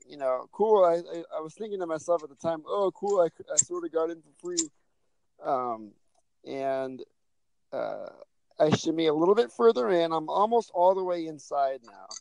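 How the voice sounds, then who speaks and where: A man with a slightly high-pitched voice tells a story on a casual podcast. He rambles, restarts his sentences and leans on fillers as he goes. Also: gravelly, darkish tone, dry recording, rough recording. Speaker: podcast co-host.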